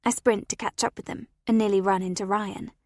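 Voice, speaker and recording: A woman narrating a first-person story as an audiobook reader, expressive and animated, on a close studio mic. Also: medium pitch, fairly quick, no echo.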